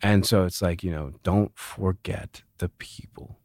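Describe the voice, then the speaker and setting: Frank, low-voiced young man, dry studio sound. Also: measured pace, no echo. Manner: frank, swears freely, animated when joking. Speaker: guest. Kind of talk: candid podcast conversation.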